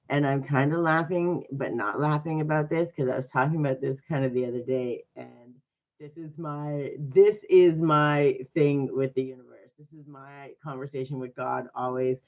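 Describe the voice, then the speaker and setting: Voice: mid-range voice, fairly even intonation, normal speed, phone-quality sound. A horoscope reader in a casual live-stream reading, chatty and earnest, with sarcastic asides.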